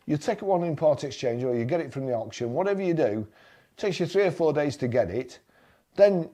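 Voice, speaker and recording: A man's voice: medium pitch, mellow. A man giving a blunt, exasperated commentary while browsing car listings, repeating himself when riled. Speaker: motoring vlogger. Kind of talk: screen-browsing commentary and rant.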